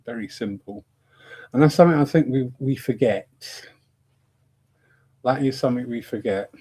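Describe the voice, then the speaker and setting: A man's voice: mid-range voice, normal speed, mellow, breathy edge. A man hosting a discussion evening, chatting in a rambling, self-mocking way and laughing often. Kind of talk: casual rambling talk.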